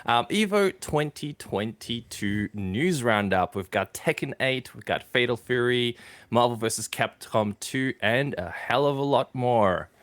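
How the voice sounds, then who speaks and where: Relaxed teasing podcast host. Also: male voice, mid-range voice, a little slow, no echo. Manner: relaxed, teasing, many fillers. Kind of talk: casual gaming podcast chat.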